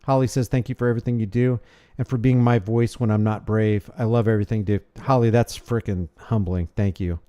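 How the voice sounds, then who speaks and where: Guy on a livestream reading chat, mellow dark voice, rambly, keeps restarting and thanking folks. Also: lowish voice, steady tone, fairly quick, clean tone, highs cut off. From United States. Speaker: livestream host. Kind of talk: casual livestream chat reading super chats.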